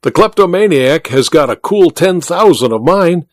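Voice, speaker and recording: A jovial, bragging mining tycoon, as a male narrator puts him on, hearty and teasing. His voice rides higher than the reader's own and swings about with lively energy. The recording is close and dry. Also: moderate pace, dry recording, close to an everyday voice. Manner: hearty, bantering, boastful. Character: boisterous wealthy older male mining magnate, jovial.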